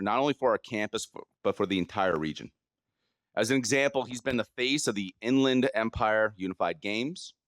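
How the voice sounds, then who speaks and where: Man presenting a student award at a podium; earnest, read from notes, lowish voice, dry. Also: a bit bright, no echo. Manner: heartfelt, earnest, reading from notes. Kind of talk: prepared award speech. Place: event podium.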